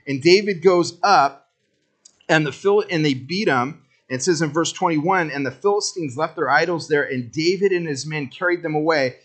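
A man's voice: fairly high pitch, moderate pace, fairly bright tone. A man preaching a sermon as pastor, casual and joking, talking straight to the congregation.

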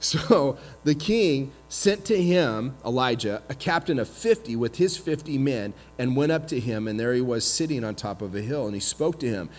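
A man preaching a sermon as pastor, retelling scripture with lively, humorous asides and acted-out voices. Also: mid-range voice, normal speed, hardly any pauses. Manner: animated storytelling, acts out voices with humor. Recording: long hall reverb.

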